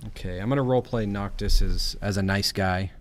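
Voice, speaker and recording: A man with a Southern US accent giving casual commentary over a game in a relaxed, thinking-aloud way. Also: on the low side, brisk. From American South. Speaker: let's play host.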